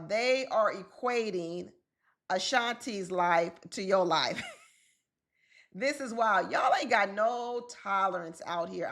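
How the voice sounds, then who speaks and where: A woman's voice: medium pitch, vocal fry, a bit bright. A woman commenting on celebrity news in a casual vlog, talking straight to her viewers and laughing often. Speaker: relationship coach and commentator.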